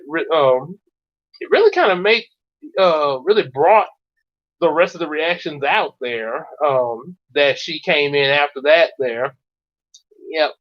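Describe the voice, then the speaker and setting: A man hosting a casual reaction chat, rambling and halting with many restarts. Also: fairly high pitch, highs cut off. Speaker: host.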